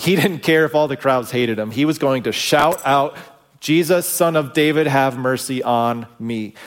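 A man preaching a sermon in a relaxed, storytelling voice that sits at a middle pitch. He talks to the congregation casually, with asides, and lets the ends of his phrases drop away quietly. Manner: storytelling with acted-out quotes, conversational asides. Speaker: pastor.

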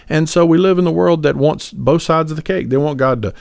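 A man's voice: on the high side, brisk, gravelly, a little mellow, no echo, clean studio sound. A man co-hosting a podcast, talking about faith in an earnest, rambling way with many fillers and restarts. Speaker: podcast co-host. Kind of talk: casual faith discussion.

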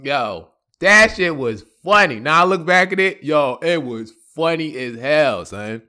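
A man's voice: on the high side, animated, unhurried, bright, forceful tone. A young man hosting a podcast, telling a personal story in heavy slang, laughing often. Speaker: podcast host. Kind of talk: casual storytelling.

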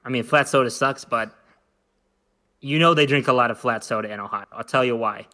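A man's voice: mid-range voice, fairly quick, sharp tone. A man co-hosting a casual podcast chat, rambling and joking playfully. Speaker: podcast co-host.

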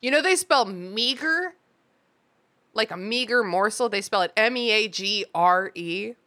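A woman's voice: medium pitch, expressive, a little slow, sharp tone. A woman co-hosting a podcast in casual chat, rambling and laughing often, with lots of "like". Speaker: podcast co-host; nanny.

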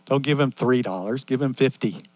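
Preaching earnestly, an older man repeats himself in a rhythm that moves from loud to hushed and back. He speaks at normal speed in a mid-range voice, captured in a dry recording.

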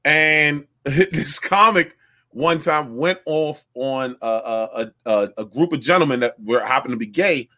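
A man's voice: mid-range voice, unhurried, sharp tone. A man co-hosting a casual chat, talking with restarts and street slang. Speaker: podcast co-host.

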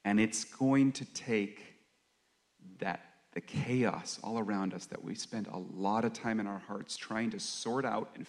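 Preacher, male, lowish voice, halting and earnest, reflective sermon delivery. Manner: halting, with many pauses and fillers; earnest, confessional. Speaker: worship leader or preacher.

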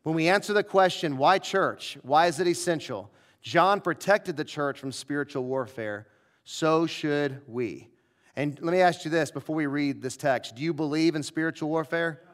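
A male preacher telling a personal story in a revival sermon, acting out the dialogue with lively shifts of voice. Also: a little high, moderate pace. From southern United States.

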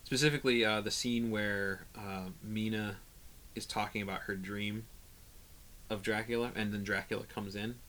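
A man in casual conversation about old films, talking haltingly with many restarts and bursts of animation. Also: fairly low pitch, steady tone, fairly bright tone, a little hiss or hum. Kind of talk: casual film discussion.

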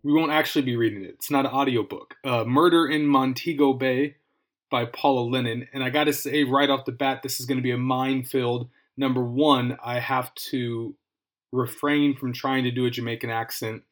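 An Irish man talks through a book on his podcast in a relaxed, chatty way. His voice sits at an ordinary middle pitch. He rambles, jokes at his own expense and often restarts mid-sentence. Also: normal speed. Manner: rambling, self-deprecating, frequent restarts. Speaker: podcast host. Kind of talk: casual book review.

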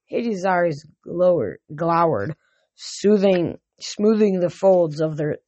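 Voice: mid-range voice, lively intonation, slow, darkish tone. A reader narrating an audiobook chapter in a plain voice, with occasional slips and restarts.

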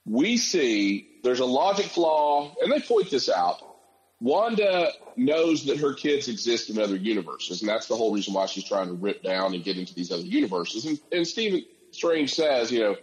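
A man of middle pitch talks casually as a podcast co-host. He lays out his arguments point by point with animated, engaged energy. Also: normal speed, poor audio. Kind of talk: casual chat.

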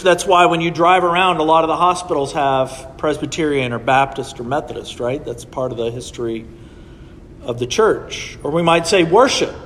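A man's voice: fairly high pitch, a bit bright, long reverb tail. A man preaching a sermon to his church in a conversational way, often checking in with his listeners. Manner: conversational preaching with frequent "right?" asides. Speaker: pastor. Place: church sanctuary.

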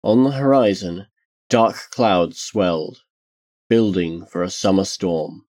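A man reading a dark fantasy tale aloud in a measured, solemn storytelling manner. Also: deep voice, expressive. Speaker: narrator.

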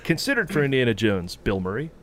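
A man's voice: mid-range voice, sing-song, fast, a little hiss or hum. Man reading movie trivia on a podcast. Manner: reads trivia facts with playful asides. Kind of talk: casual podcast chat.

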